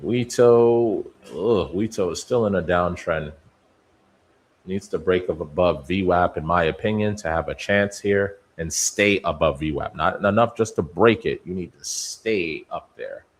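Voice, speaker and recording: A man's voice: deep voice, normal speed. A man hosting a live day-trading stream, giving running market commentary and talking to the stocks on his watchlist as if they were people. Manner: talks to stocks like people, musing and bantering.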